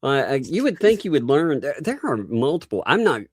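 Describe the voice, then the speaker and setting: A man's voice: fairly high pitch, big pitch swings, brisk, a little mellow, husky, no echo, clean studio sound. A man hosting a casual live-stream chat, often laughing through his sentences. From the Bronx. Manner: laughs often, chuckling asides. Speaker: host.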